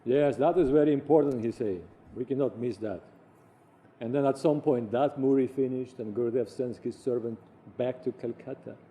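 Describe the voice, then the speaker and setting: A man recounts personal anecdotes with lively storytelling energy, slipping into the voices of the people he quotes. His tone is very dark and mellow, and his pitch sits in an average male range. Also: normal speed. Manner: animated, acts out quoted voices.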